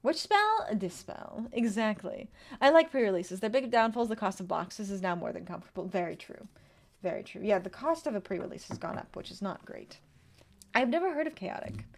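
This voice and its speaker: A woman's voice: medium pitch, sing-song, fairly quick. A young woman streaming casually, chatting with her viewers and reading card text aloud as she builds a deck. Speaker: VTuber streamer. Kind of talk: casual livestream chat while deckbuilding.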